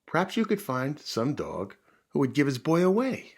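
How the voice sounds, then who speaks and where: A man voicing a gentle, patient mother dog who speaks in a soothing, coaxing way. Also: fairly high pitch, wildly swooping pitch, normal speed, vocal fry, pitched above the performer's own voice, exaggerated voice.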